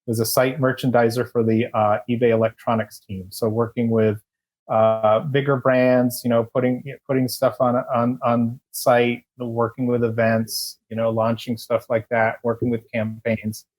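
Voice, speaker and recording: A man guesting on a podcast, telling his story in a rambling, relaxed and chatty way. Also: mid-range voice, moderate pace. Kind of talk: casual storytelling interview.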